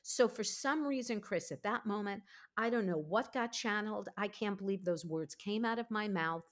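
A woman in her fifties, a podcast host, telling her own story in a candid, emphatic, animated way. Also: medium pitch, moderate pace. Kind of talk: candid conversational interview.

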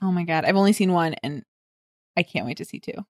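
A young woman co-hosting a podcast in casual chat, enthusiastic and quick with asides, laughing often. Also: lowish voice, animated, dry recording, studio quality. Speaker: podcast co-host.

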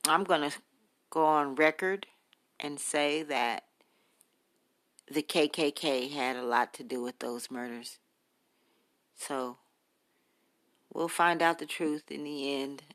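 A man talks straight into his podcast, slow and unhurried, tripping over fillers and repeated words. His tone is blunt and heated, like an unscripted rant. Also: fairly high pitch, fairly bright tone. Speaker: podcast host. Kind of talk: casual rambling monologue.

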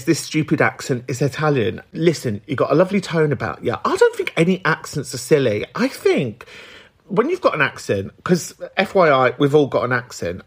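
A man's voice: on the high side, husky. A man from the UK hosting a podcast in casual, candid chat, reflective and swearing freely. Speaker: podcast host.

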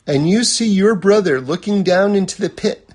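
High husky male teacher. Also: expressive, normal speed, darkish tone. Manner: conversational, illustrates points with everyday examples. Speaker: religious teacher. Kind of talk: lecture on a religious text.

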